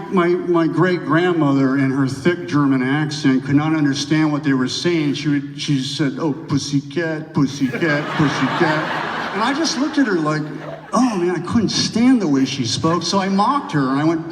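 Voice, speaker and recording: A man being interviewed onstage as a guest actor, an animated storyteller who restarts his sentences as he talks. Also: a little high, moderate pace, noisy background. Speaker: guest actor at a film festival Q&A. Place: theater stage before a live audience. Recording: echoey hall, mic from a distance.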